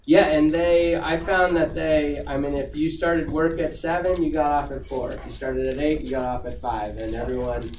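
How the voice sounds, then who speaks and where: A man's voice: on the high side, fairly even intonation, normal speed, few pauses, darkish tone. A man speaking as a guest to students in a casual, rambling way, full of fillers and restarts. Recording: echoey room, far from the mic, noisy.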